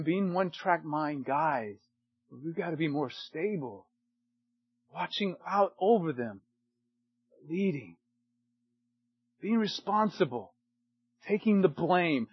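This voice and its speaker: An older man preaching a sermon to men, emphatic, swinging between loud bursts and hushed lines. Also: sits high, breathy edge, highs cut off. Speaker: pastor.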